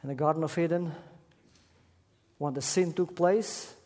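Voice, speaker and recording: A man preaching with emphatic force, his fairly high voice climbing to loud peaks on key words. He speaks in a church or large hall, and a long echo trails each phrase. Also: measured pace. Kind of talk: sermon. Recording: echoey hall.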